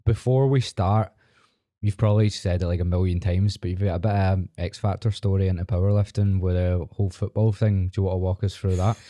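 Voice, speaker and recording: A podcast host with a Glasgow accent talks bluntly and swears through casual chat. His voice is very deep and dark, and it sounds dry and close. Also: fairly even intonation, a little fast, dry recording. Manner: blunt, sweary, laughs at his own rants.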